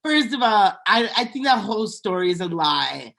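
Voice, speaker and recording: A young woman on a podcast, gossiping about reality TV in a blunt, animated way. She jumps between her own opinions and quick impressions of other people. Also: medium pitch, gravelly. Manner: blunt, animated, quotes people in put-on voices. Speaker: podcast co-host. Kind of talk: casual reality TV gossip chat.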